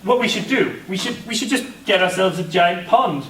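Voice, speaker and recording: A man improvising a comedy scene on stage, rambling through deadpan absurd lines. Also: high-pitched, normal speed. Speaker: improv performer. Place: large theatre stage. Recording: echoey hall, from far off, loud noise.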